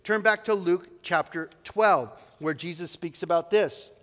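Male pastor, high voice, expository preaching, church hall reverb. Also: measured pace, a bit bright. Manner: expository preaching, reading scripture aloud. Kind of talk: sermon. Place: church sanctuary.

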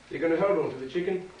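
A man's voice: high-pitched, darkish tone, highs cut off. A man performing as a clown entertainer, telling a playful story and doing a magic trick for children, chatty and teasing. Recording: echoey, distant, noisy venue.

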